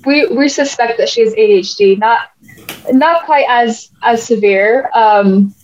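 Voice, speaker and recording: A woman's voice: a little high, a little slow. An American woman hosting a casual podcast chat, rambling with many restarts and losing her train of thought. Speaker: podcast host. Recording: muffled lo-fi podcast audio.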